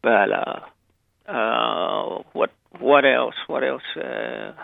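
Over a dry, tinny phone line, a gravelly older man from Memphis speaks extremely slowly in a mid-range voice with a Southern American accent. He's a guest, an actor and author, rambling through anecdotes with chuckles and restarts in a relaxed interview.

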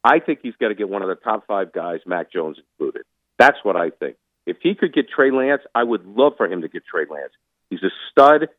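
A man's voice: on the low side, expressive, moderate pace, no echo. A man calling in as a sports commentator, talking in a casual interview with emphatic, opinionated rants. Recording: tinny phone line.

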